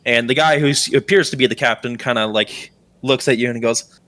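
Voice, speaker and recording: Guy running a tabletop game, bright forceful voice, super casual, lots of um and like. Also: medium pitch, fairly quick. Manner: casual, rambling, full of fillers. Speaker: dungeon master.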